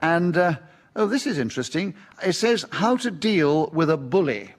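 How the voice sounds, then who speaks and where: A man's voice: on the high side, very animated, moderate pace. A man chairing a live radio comedy panel game, genially announcing challenges and points.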